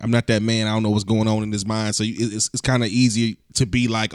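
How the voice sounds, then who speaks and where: A man's voice: on the low side, quick pace, few pauses, clean tone, dry recording, clean studio sound. A man from Cleveland co-hosting a casual podcast, telling stories animatedly and hedging his opinions. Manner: animated storyteller, laughs often, hedging restarts. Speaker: podcast co-host.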